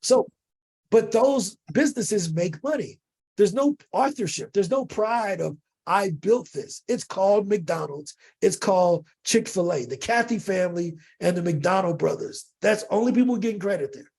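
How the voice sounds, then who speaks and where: A man from the United States, a podcast guest, telling a lively story in casual slang and acting out bits of dialogue. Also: sits high, normal speed, vocal fry, breathy edge. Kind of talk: animated storytelling in an interview.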